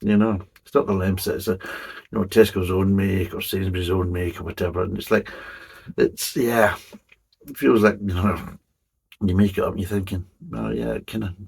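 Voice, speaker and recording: A man's voice: low voice, fairly even intonation, moderate pace, darkish tone, breathy edge. A middle-aged man reviewing a beer in a chatty, rambling way, swearing casually as he goes.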